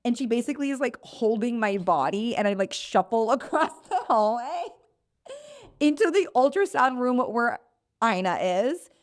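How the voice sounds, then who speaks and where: A woman's voice: a little high, animated, moderate pace. A young adult woman co-hosting a podcast, telling a story in a rambling way that is full of "like" fillers. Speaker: podcast co-host. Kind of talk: casual chat.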